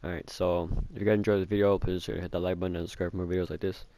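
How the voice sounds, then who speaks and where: A young vlogger tells a casual storytime about his childhood in a low, flat, mellow voice, racing through it. He rambles with lots of filler words and swearing and mocks himself along the way.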